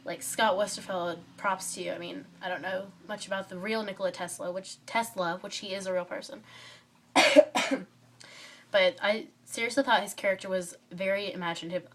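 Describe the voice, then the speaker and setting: A woman's voice: mid-range voice, normal speed. A woman with a cold giving a chatty, rambling book review vlog, full of fillers and tangents. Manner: rambling and excitable, many fillers, drifts off topic. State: stuffy from a cold.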